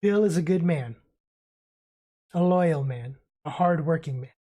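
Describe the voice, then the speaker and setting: A woman's voice: low-pitched, a little slow, warm tone, slightly rough. A woman voicing a worried mother of three whose husband is missing, flustered and a little snippy. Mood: distressed.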